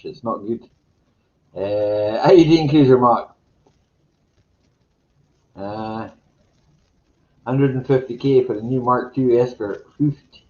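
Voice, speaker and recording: A man hosting a casual live chat, greeting viewers by name in a slow, meandering way and chuckling to himself. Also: mid-range voice, lo-fi sound. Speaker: live stream host. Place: home room with green screen.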